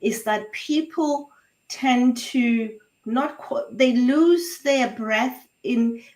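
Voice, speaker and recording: A woman's voice: fairly high pitch, very slow, a little mellow, rough recording. Woman voice coach, Sepedi native. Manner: explanatory, demonstrates voices, many restarts. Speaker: voice coach guest. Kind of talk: online interview.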